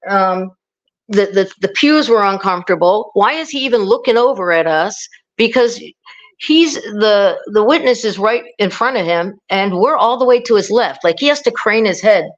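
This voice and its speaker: A woman's voice: mid-range voice, lively intonation, moderate pace. A middle-aged woman tells a story as a podcast guest, rambling and restarting as she goes. She acts out other people's words with animation. Her voice sounds slightly dull and lo-fi. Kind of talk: casual storytelling.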